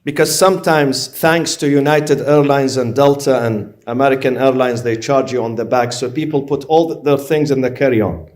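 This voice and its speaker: A man's voice: mid-range voice, fairly even intonation, moderate pace, few pauses, darkish tone. A man preaching a sermon as a religious lecturer, stressing his points by repeating and listing short phrases. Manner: emphatic, repeats and lists phrases.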